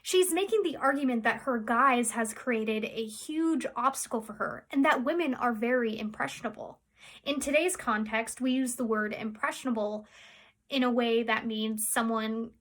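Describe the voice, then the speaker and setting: High-voiced young woman explaining verse. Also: moderate pace, fairly bright tone. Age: young adult. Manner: explanatory, with occasional fillers. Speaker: theatre student. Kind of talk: academic analysis.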